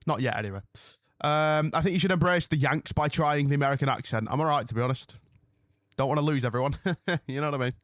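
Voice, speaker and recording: A man's voice: on the high side, expressive, fast, dry recording, clean studio sound. A man hosting a live wrestling watch-along from home, chatting casually with his viewers and often losing his train of thought. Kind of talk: casual live-stream chat. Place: home room.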